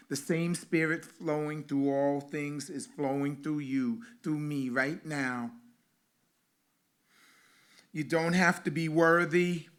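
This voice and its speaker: A male reverend giving a sermon with a guided meditation at a spiritual center, speaking in slow, rhythmic lines with repeated phrases. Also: fairly high pitch, a bit bright.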